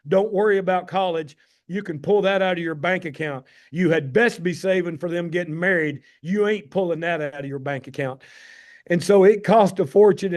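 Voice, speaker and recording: A man in his fifties with a Tennessee Southern accent tells heartfelt personal stories in a folksy, emphatic way during a talk on a call. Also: high-pitched. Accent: Tennessee Southern American. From Tennessee, USA. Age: 50s. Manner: folksy, emphatic, heartfelt, addresses listeners as guys. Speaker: addiction medicine doctor giving a talk. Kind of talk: personal storytelling presentation on a call.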